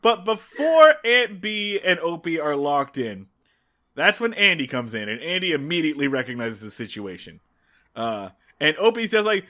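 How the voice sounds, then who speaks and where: A man's voice: on the high side, big pitch swings, moderate pace, sharp tone. A man co-hosting a podcast, chatting casually through a recap with lots of fillers and restarts. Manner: rambling, frequent filler words and restarts. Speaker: podcast co-host. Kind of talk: casual episode recap chat.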